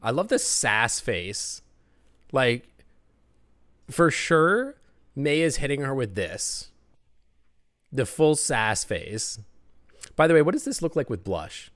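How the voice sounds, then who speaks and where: Playful man streaming a game, lively voice. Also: medium pitch, slow pace, pauses often, dry recording, studio quality. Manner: playful, joking, laughs often. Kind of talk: gaming stream commentary.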